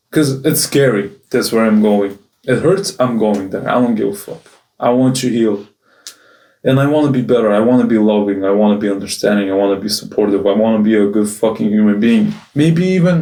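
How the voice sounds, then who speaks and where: A man's voice: fairly low pitch, warm tone. A man speaking in a confessional video diary, raw and emotional, swearing often and restarting his sentences. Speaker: video journal host. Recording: roomy echo, mic at a distance.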